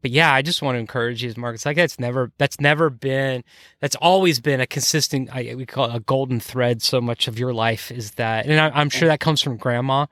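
A man's voice: medium pitch, fairly bright tone, dry recording. Sincere young male podcast host. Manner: sincere, halting restarts. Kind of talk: casual chat. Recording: dry close sound.

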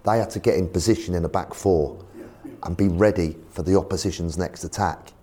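A former football manager telling anecdotes in an animated way and acting out voices. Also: male voice, low voice, brisk. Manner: animated, acts out voices in his stories. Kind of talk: anecdotal storytelling.

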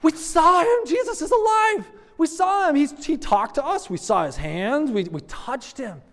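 A man doing excited, high-pitched disciples. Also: unhurried, creaky, full character voice. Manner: excited, insistent. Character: excited group of male disciples. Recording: long hall reverb.

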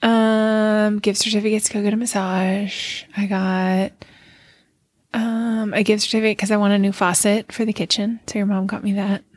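A woman's voice: medium pitch, level tone, moderate pace, dry recording. A middle-aged woman co-hosting a podcast in casual chat, laughing easily. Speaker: podcast co-host.

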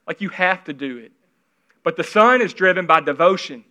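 Earnest preacher man with a bright, forceful voice. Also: high-pitched, expressive, normal speed. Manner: earnest, conversational, shifting to hushed intimate tones. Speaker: pastor. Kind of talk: sermon. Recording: slightly dull lo-fi recording.

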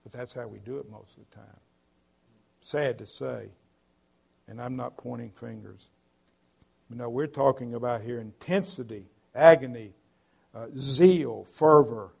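A male pastor preaching a sermon in an earnest, emphatic way, his voice swelling loudly at points. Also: mid-range voice, steady tone, moderate pace, vocal fry, pauses often, breathy edge.

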